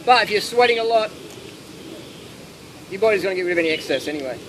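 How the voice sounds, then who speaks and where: A man giving blunt, animated answers and stories to an audience in a casual Q&A at an outdoor gathering. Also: high voice, quick pace. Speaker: speaker answering audience questions. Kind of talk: casual Q&A talk with anecdotes. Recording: noisy outdoor ambience with traffic.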